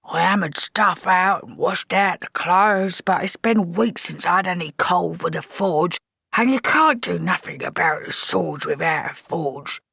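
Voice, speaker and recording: A woman voicing a grizzled, one-legged old male quartermaster who talks gruffly and defensively, his voice jumping higher than her narration. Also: unhurried, sharp tone, no echo, clean studio sound, exaggerated voice. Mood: grumbling.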